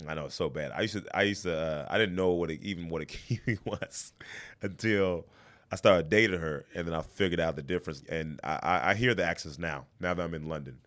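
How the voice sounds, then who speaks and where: A man's voice: low voice, a little fast. A man, a comedian guest in casual chat, telling stories animatedly and acting out quotes. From United States. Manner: animated, emphatic storytelling with quoted voices.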